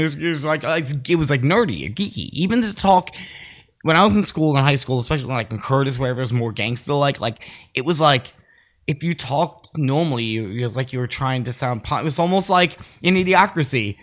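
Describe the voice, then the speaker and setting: A man's voice: fairly high pitch, expressive, quick pace. A young man from Staten Island with a New York accent, co-hosting a podcast. He rambles and swears in casual chat, ranting and mimicking others mockingly. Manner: rambling, profane, rants with mocking impressions. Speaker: podcast co-host.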